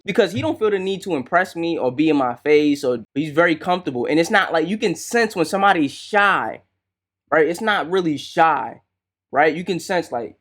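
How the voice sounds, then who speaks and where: A man hosting a podcast, giving casual commentary in a relaxed, slangy way and often asking "right?". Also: a little high. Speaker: podcast host reacting to a clip.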